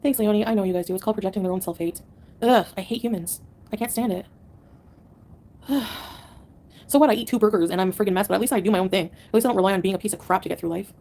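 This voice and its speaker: Fast-talking woman ranting sarcastically. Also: medium pitch, mellow, slight background noise. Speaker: livestreamer answering chat. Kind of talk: live-stream rant to chat.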